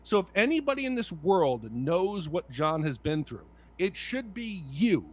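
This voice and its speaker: A man on a casual movie podcast speaks with fiery conviction and curses freely. His voice sits a little high and swings widely in pitch as he drives his points home. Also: big pitch swings, measured pace. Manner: passionate, blunt, swears. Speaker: podcast co-host.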